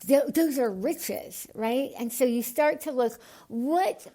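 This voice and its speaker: A woman from the United States, a podcast guest, speaking with a lisp and an unusual voice altered by tongue surgery, earnest and animated. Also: sits high, slow pace. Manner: earnest, animated, gets excited. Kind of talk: podcast interview.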